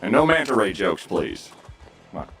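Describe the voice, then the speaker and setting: Playful bright-voiced male streamer. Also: fairly low pitch, very animated, moderate pace, creaky, far from the mic. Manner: playful, joking. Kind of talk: casual game-stream chat.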